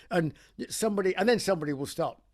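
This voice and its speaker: An Englishman with a fairly high voice chats through his anecdotes with dry humor. He stumbles and restarts often as he tells them, then carries on. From England. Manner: halting, full of restarts, wry storytelling. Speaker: rock singer interviewee. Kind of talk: casual anecdotal chat.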